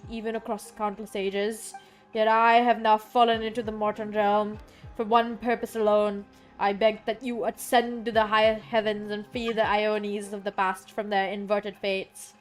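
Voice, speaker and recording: A woman voicing an ancient cosmic watcher, reading game lines in a grand, slow, formal manner. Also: fairly high pitch, little pitch movement, faint music behind, lightly acted. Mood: solemn. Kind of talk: reading game dialogue aloud.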